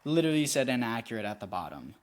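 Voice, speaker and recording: A man's voice: mid-range voice, very animated, fast talker. A young man giving rambling, self-critical commentary over a football video game, with frustrated outbursts. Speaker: gaming YouTuber. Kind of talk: gameplay commentary.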